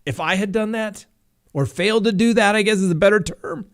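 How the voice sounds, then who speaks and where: A middle-aged man with a high voice talks fairly quickly. He's a defense attorney hosting a live show, casually telling courtroom stories and acting out the voices of the people in them, in the manner of relaxed live-stream storytelling.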